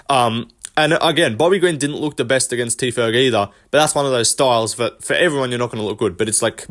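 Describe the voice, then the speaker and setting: A man hosting his own channel, talking through fight picks in a casual, opinionated way. His voice sits at an ordinary middle pitch, and he swears freely and fills gaps with um and like. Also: a bit bright. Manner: blunt, opinionated, profane, many ums and likes. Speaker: host. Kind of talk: casual fight-prediction commentary.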